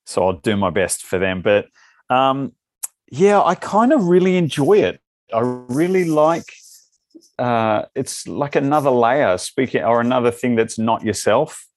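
A man's voice: medium pitch, animated, measured pace, no room sound. A man with an Australian accent, talking as an actor guest in a casual interview and giving loose, rambling answers that circle back on themselves.

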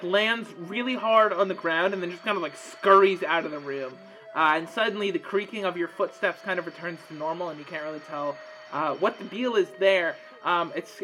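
Game master, man: high, bright, casual narration full of fillers. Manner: casual, many fillers, describes scenes.

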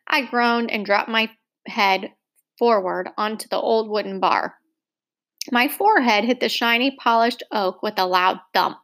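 A woman narrating a first-person novel aloud, expressive and acting out the dialogue. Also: a little high, a little slow. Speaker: audiobook narrator.

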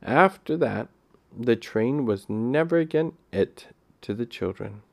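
Slow, gravelly male storyteller. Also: mid-range voice, lively intonation. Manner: unhurried, with small stumbles. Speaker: audiobook reader. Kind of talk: reading a children's novel aloud.

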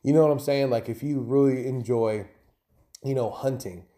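Profane, rambling podcast host. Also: male voice, mid-range voice, moderate pace, warm tone. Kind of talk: casual solo podcast talk.

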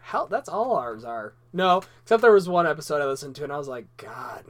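A man co-hosting a podcast, joking crudely and getting excited in casual banter. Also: fairly high pitch, brisk. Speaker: podcast co-host.

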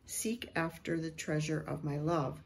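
A middle-aged woman, a Christian prophetic speaker, slowly and reverently reading a prophetic word and sharing a vision. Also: low-pitched, level tone, gravelly, slight background noise.

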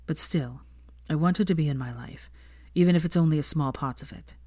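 A woman voicing an anxious, guarded young man who speaks in a hushed, halting way. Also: sits low, breathy edge, no room sound. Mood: brooding. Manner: hushed, halting, heavy sighs.

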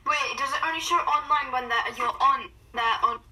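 A woman's voice: high-pitched, moderate pace, pushed and bright. A teenage girl and co-host friend chatting casually and chiming in with supportive remarks. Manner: supportive, interjecting. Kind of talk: casual chat. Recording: distant mic with faint noise.

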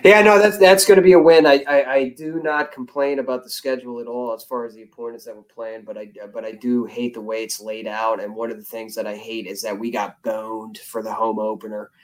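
An American man talking as a podcast guest in a casual chat, animated and loud about his team. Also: mid-range voice, fairly quick, few pauses, low-quality recording. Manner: animated, loud fan talk.

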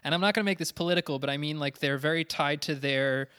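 A young man co-hosting a casual podcast chat, halting and thinking aloud with many fillers. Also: a little high, pushed and bright, clean tone. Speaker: podcast co-host.

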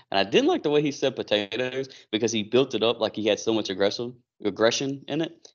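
A man co-hosting a casual chat show, retelling events with animated acted-out quotes. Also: medium pitch, quick pace. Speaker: podcast co-host. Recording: dull lo-fi recording.

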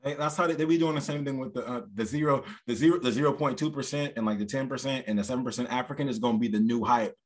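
A man co-hosting a podcast in casual chat, animated and given to acting out other people in a high voice. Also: rapid-fire, hardly any pauses. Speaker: podcast co-host; stand-up comedian.

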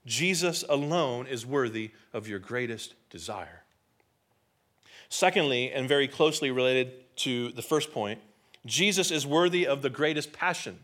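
A man's voice: medium pitch, animated, unhurried, fairly bright tone. A man preaching a sermon in an emphatic, conversational way, often putting rhetorical questions to his listeners. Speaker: pastor.

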